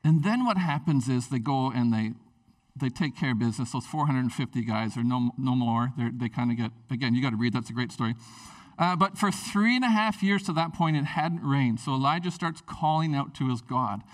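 A man preaching a casual, excitable sermon, chatty and animated. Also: mid-range voice, fairly quick, far from the mic. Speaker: pastor.

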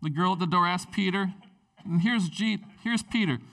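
A man preaching a sermon in a casual, animated way, with lots of fillers. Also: high voice, moderate pace, recorded from a distance. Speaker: pastor.

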